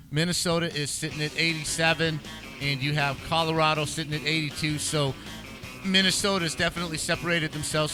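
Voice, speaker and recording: A man co-hosting a sports talk show, running through hockey standings in casual chat. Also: on the high side. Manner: talks through hockey standings at length, then loud joking. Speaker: co-host.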